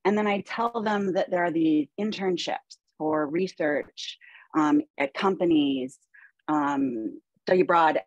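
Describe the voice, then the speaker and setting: A woman's voice: fairly low pitch, lively intonation, a little slow, dry recording, highs cut off. A woman chemistry instructor telling classroom stories on a panel, conversational, with many fillers and restarts. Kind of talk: panel discussion, anecdotal.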